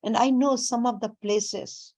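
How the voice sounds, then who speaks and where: A woman giving a spiritual talk, speaking deliberately and weaving in Sanskrit and Hindi terms. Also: a little high, fairly even intonation, darkish tone. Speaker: spiritual teacher.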